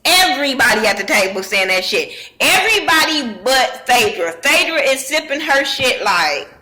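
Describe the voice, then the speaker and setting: A woman's voice: high voice, big pitch swings, normal speed, pushed and bright, rough recording. A woman casually recapping a reality show episode in slangy, profane talk, acting out what the cast said. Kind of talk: casual recap with acted-out quotes.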